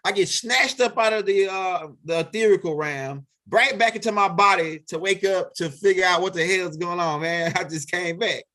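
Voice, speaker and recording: A man's voice: high voice, pushed and bright. A man telling a story in a casual monologue, rambling, profane and full of repeats and restarts. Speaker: vlog host telling stories.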